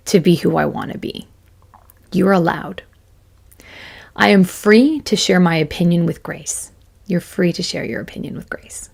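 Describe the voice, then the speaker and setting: A woman's voice: on the low side, vocal fry, breathy edge. A woman in her forties giving a chatty, self-deprecating motivational talk to camera as a business coach, laughing often.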